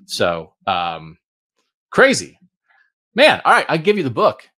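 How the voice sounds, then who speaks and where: A middle-aged man hosts a casual podcast chat. He tells stories with lively energy and jumps up and down in pitch when he quotes people. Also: slow pace. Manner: animated storyteller, acts out quotes with big pitch swings. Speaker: podcast host.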